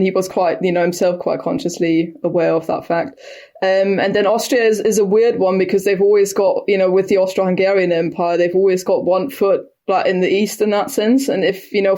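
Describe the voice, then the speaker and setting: A woman's voice: lowish voice, warm tone. A woman historian, a podcast guest, explaining history in a thoughtful, conversational way, often saying "you know". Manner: thoughtful, fluent with frequent "you know" fillers.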